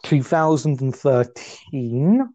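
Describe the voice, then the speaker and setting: A man's voice: mid-range voice, slow, dark tone. A man co-hosting a casual podcast chat, talking chattily and laughing often. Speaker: podcast co-host. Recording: dull lo-fi audio.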